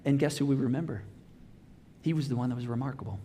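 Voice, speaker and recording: A middle-aged man preaching a sermon, telling a story with lively acted-out dialogue in a church auditorium. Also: medium pitch, fast talker, a little hiss or hum. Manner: animated storytelling, acts out dialogue. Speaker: pastor. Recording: long hall reverb.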